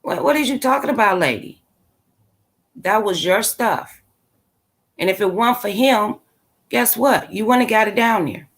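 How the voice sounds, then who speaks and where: A woman's voice: fairly high pitch, lively intonation, fairly quick. A woman hosting her own channel, chatting casually with her live viewers in a blunt, opinionated and sassy way, full of slang. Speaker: channel host. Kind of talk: casual commentary to a live chat.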